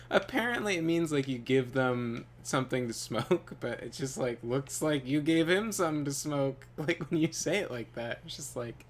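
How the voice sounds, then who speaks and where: A man's voice: mid-range voice, normal speed. Guy telling a story while he plays, laughs a lot, voice swinging up and down, swears loosely. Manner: laughs often, animated, loose and profane. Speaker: gaming channel co-host. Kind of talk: casual storytelling while gaming.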